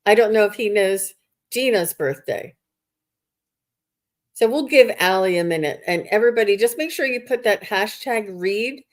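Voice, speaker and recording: A woman's voice: mid-range voice, moderate pace. A woman psychic medium chatting on a live stream over a video call, reassuring and greeting viewers by name.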